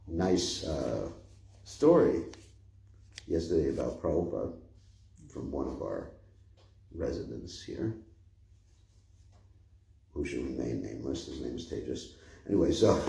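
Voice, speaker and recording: A man's voice: rumbling low, creaky, warm tone. An older man giving an informal scripture class, rambling and conversational, often chuckling. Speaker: spiritual teacher giving a class. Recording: echoey room.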